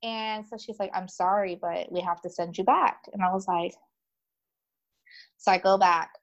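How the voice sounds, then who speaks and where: A woman at a middle pitch, speaking as a guest and recounting her own story in casual conversation. She is chatty and animated, full of fillers and quick quoted voices of other people. The recording is a little dull and muffled.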